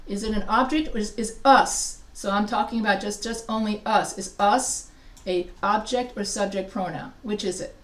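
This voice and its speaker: A woman's voice: mid-range voice, normal speed. Female writing instructor, patient explainer, recorded from afar in a roomy classroom. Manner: explains step by step, quizzes students. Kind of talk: live grammar lesson. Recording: echoey classroom from a distance.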